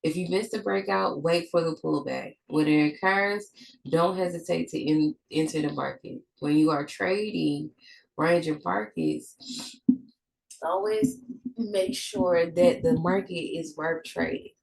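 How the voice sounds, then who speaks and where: Trading teacher, a woman with a cold-stuffed nose; low and gravelly, reads from notes with restarts. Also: measured pace, darkish tone, rough recording. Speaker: trading educator. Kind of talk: reading a trading lesson aloud.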